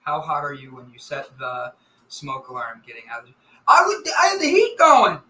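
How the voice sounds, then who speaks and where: A man's voice: fairly high pitch, huge pitch swings, normal speed, bright, forceful tone, a little hiss or hum. Playful man, roomy and off-mic. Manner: playful, teasing, rambling storyteller. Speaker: show guest. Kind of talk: joking live-show banter. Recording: roomy echo, distant from mic.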